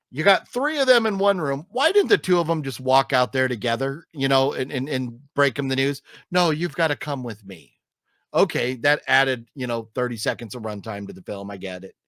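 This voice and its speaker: A man hosting a casual movie review, talking in an animated, profane way and acting out scenes in mocking voices. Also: mid-range voice, dry recording, clean studio sound. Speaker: film reviewer, podcast host.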